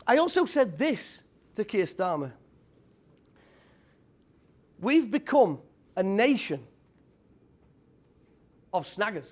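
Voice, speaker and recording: Upbeat high-pitched British male speaker, blunt tradesman manner, working a live room. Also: slow, long pauses. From United Kingdom. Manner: energetic, quizzes the crowd, blunt tradesman talk. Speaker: speaker at a property event. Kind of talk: motivational talk to a live audience.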